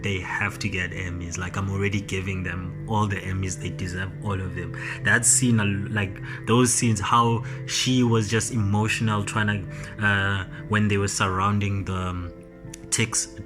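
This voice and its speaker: A man casually recapping a TV episode as a reviewer, hesitant with many ums and restarts. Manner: slow and low-key. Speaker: TV show reviewer.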